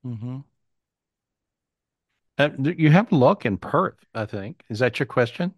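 A man's voice: mid-range voice, animated, slow, dry recording. A man hosting a live video call, giving chatty, reassuring psychic readings and often repeating himself. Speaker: psychic host.

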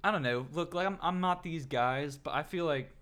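A man's voice: a little high, moderate pace, a bit bright, clean tone. A man in casual podcast chat who tells rambling stories full of restarts and fillers and pokes fun at himself. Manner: self-aware and self-mocking. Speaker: podcast co-host.

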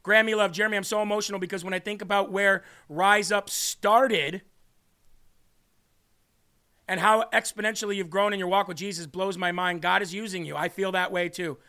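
A man's voice: high voice, fairly even intonation, moderate pace, bright, forceful tone. A man hosting a faith podcast, reading viewer comments aloud in an earnest, emotional way and tearing up. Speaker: podcast host.

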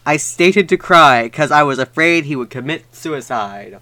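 A man co-hosting a comedy podcast, reading a fanfic aloud in a deadpan way with crude asides. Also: fairly high pitch, measured pace, dry recording.

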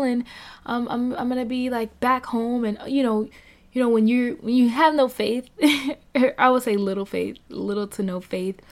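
A young woman telling her faith testimony in a casual, rambling way, full of fillers and light laughs. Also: fairly high pitch. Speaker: Christian speaker sharing a testimony.

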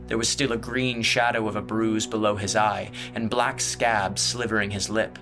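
A man reading fantasy fiction aloud as a narrator in a steady, descriptive way. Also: lowish voice, moderate pace, over music. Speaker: audiobook narrator. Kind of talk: scripted narration.

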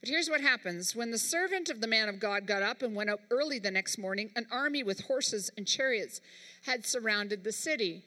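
A woman's voice: fairly high pitch, expressive, moderate pace, sharp tone, big-room sound. A woman preacher delivering a sermon, talking emphatically and straight to her congregation. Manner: emphatic, speaks directly to the congregation.

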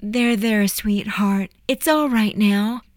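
A woman's voice: medium pitch, slow pace, darkish tone, no room sound, clean studio sound, voice pushed up, natural voice. A woman voicing a sweet, soothing young mother in a storybook reading.

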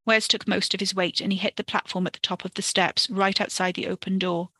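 A woman reading a story for a podcast in a steady, expressive way. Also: mid-range voice, fairly quick, slightly rough, no room sound. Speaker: podcast narrator.

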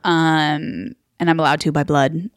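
A woman's voice: low-pitched, steady tone, moderate pace, no echo, studio quality. A woman co-hosting a podcast in casual chat, playful and rambling with many fillers. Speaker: podcast co-host.

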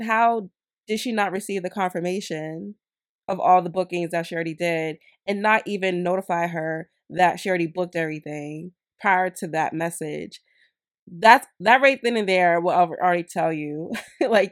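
A woman vlogger giving commentary, indignant and animated, who laughs as she rants. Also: on the low side, normal speed, no echo, clean studio sound. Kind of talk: commentary and storytime.

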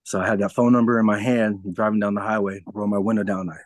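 Deep-voiced man telling his story frankly. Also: little pitch movement, fast talker, no room sound. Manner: frank, laughs through hard memories, acts out past conversations. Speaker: interview guest. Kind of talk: candid personal storytelling.

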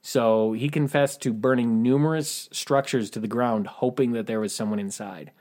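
A man with a mid-range voice reads out a true crime story for a podcast. His narration is dry and even, with the odd deadpan aside. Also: mid-range voice, moderate pace. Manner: dry, matter-of-fact narration with wry asides. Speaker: podcast host.

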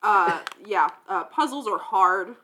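A woman's voice: mid-range voice, lively intonation, slow, pushed and bright, slight background noise. A woman hosting a casual podcast chat, playful and prone to trailing off mid-thought and laughing. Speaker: podcast host.

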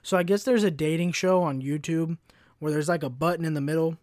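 A man's voice: on the high side, steady tone, fairly quick, darkish tone, no room sound, clean studio sound. A man in his twenties hosting a solo podcast, telling heated, profane stories full of slang. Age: 20s. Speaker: podcast host.

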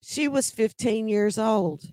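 A woman's voice: on the high side, lively intonation, takes it slowly, warm tone, dry recording. Middle-aged woman telling her own story, chatty, dry close mic. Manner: conversational, emphatic in quoted dialogue. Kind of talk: personal storytelling.

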